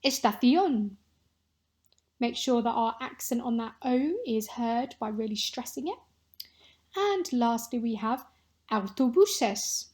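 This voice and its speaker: A woman teaching a recorded Spanish lesson, modelling words clearly and patiently for pupils to repeat. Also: on the high side, warm tone.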